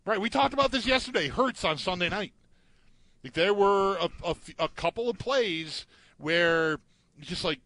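A man's voice: high-pitched, animated, brisk, bright, forceful tone, dry recording. A man co-hosting a sports talk show, chatting casually, often restarting and trailing off as he acts out what players might say. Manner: hesitant, trailing off, acts out quotes. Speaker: sports podcast co-host.

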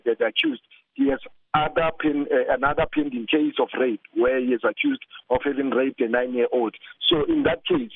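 A man reporting live for the news, halting with many fillers and repeated words. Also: medium pitch, creaky, breathy edge, dry recording. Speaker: field reporter. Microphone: phone. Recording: tinny phone line.

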